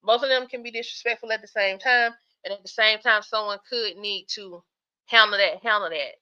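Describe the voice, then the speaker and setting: A woman hosting a casual livestream, reading viewer comments aloud, chatty and quick to laugh while sleepy and yawning. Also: on the high side, steady tone, pushed and bright, clear, resonant tone, highs cut off. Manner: chatty, laughs often, talks straight to viewers. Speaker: livestream host.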